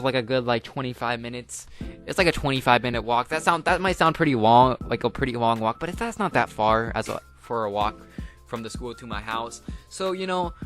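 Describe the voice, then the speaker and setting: A man's voice: medium pitch, fairly bright tone. A teenage boy telling a casual storytime tale, rambling along with lots of filler words. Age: teens. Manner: rambling, full of "like" and "you know" fillers. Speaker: vlogger.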